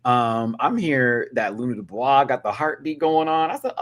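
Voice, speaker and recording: A man's voice: mid-range voice, normal speed, few pauses, a bit bright. A man giving a sassy, dramatic casual rant reviewing a reality TV episode, with cackling asides.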